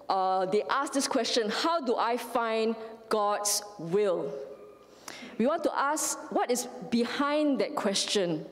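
Woman lay preacher, slightly high voice, conversational sermon with tag questions, long church-hall reverb. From Singapore. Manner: storytelling with frequent "right?" and "you know". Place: church sanctuary.

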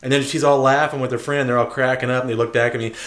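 A man's voice: medium pitch, a bit bright. Man ranting angrily in an echoey room. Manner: profane, aggrieved storytelling with mimicked voices. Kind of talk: angry ranting vlog.

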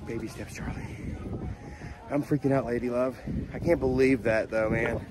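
A man's voice: mid-range voice, steady tone, moderate pace. Man, nervous vlogger, anxious exclamations, outdoor camera audio, noisy background. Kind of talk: casual vlog narration. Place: outdoors on a mountain lookout. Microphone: handheld camera.

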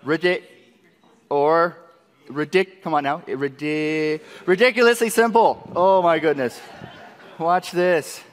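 An excitable man leads a live software demo, his voice pitched a little high and full of eager rhetorical questions. He is recorded through a presenter mic, and the long reverb of a conference hall trails behind his words. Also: takes it slowly. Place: large conference session room.

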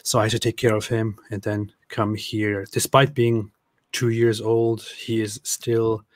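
A man's voice: fairly low pitch, little pitch movement, a little slow, no echo. A young adult man hosting a casual online chat, joking and chuckling often. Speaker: host.

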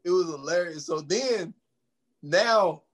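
A man's voice: sits high, takes it slowly. A man co-hosting a podcast, casually recapping a movie scene by scene and acting out the lines with lots of laughter. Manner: animated storytelling, acts out scenes, laughs often. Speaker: podcast co-host.

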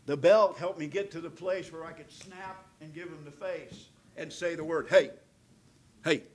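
A middle-aged man preaches a sermon in a voice pitched a little high. He leans hard into his points and asks for amens from the congregation. At other moments he drops to a soft, serious near-whisper. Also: fairly even intonation, normal speed, a little hiss or hum, low-quality recording. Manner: swings from loud emphatic preaching to hushed near-whisper; calls out "amen" to the congregation. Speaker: pastor.

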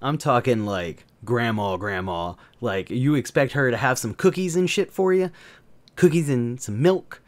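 A man's voice: mid-range voice, animated, measured pace. Crude, rambling male storyteller. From American South. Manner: crude, joking, rambling with fillers. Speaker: gaming channel host. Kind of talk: casual storytelling.

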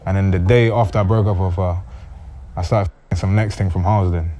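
A man's voice: low voice, fairly even intonation, brisk, noisy background. A young man, raised in the Caribbean, telling brash, slangy stories as a guest in a casual chat.

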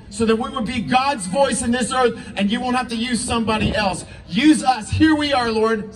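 A man's voice: very high-pitched, normal speed, few pauses. Man, 50s, impassioned rally sermon, distant mic, faint background noise. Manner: fervent, preachy, rising into shouts. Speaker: preacher speaking at a rally. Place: political rally.

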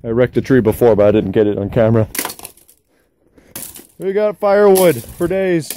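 A man's voice: medium pitch, moderate pace, dark tone, a little hiss or hum. A young man joking around and narrating to the camera while hiking outdoors on a mountain trail. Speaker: vlogger. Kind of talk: casual hiking vlog. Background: music.

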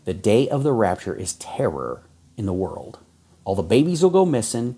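A man preaching a fervent sermon, folksy and exhorting, with sudden jumps in pitch as he reads scripture. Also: very animated, normal speed, mellow, husky. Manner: folksy, says y'all and man.

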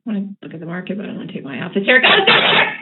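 A woman hosting a live day trading stream, talking excitedly to herself and her viewers with frequent laughter. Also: on the low side, very fast. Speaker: day trading show host. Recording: tinny phone-like audio with faint noise.

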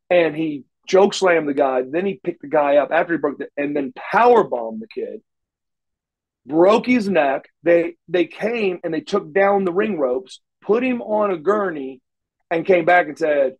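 Middle-aged male interview guest, a bit higher-pitched than most men, loose and profane, full of restarts. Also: lively intonation, measured pace, lo-fi sound. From Oklahoma, USA. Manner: rambling, restarts often, salty language. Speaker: interview guest, former wrestler. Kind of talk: shoot interview storytelling.

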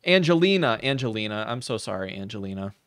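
A man's voice: lowish voice, sing-song, fast talker, a bit bright, no echo, clean studio sound. A man giving crude, sarcastic live reaction commentary on a video, thanking viewers as he goes.

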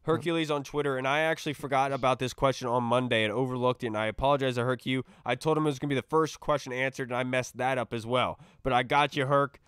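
Man, podcast host, smooth clear voice, dry close sound, excitable rambling chat. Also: mid-range voice, quick pace, hardly any pauses, dry recording. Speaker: podcast host reading fan questions. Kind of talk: casual sports podcast chat.

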